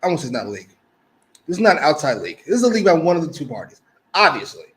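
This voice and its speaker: A man's voice: a little high, very animated, rapid-fire, a bit bright, low-quality recording. A man co-hosting a casual wrestling review podcast, talking bluntly, profanely and mockingly. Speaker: podcast co-host.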